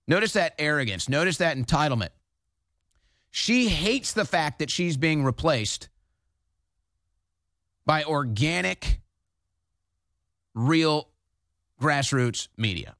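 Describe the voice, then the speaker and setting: A man's voice: a little high, lively intonation, a little slow, pauses often, a bit bright, no echo, studio quality. Combative man hosting a talk show. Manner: emphatic, combative ranting. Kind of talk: political talk show commentary.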